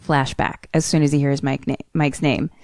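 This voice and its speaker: A woman co-hosting a podcast, retelling a movie in casual chat with animated storytelling and bursts of laughter. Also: very deep voice, moderate pace, no room sound, studio quality. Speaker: podcast co-host retelling a film.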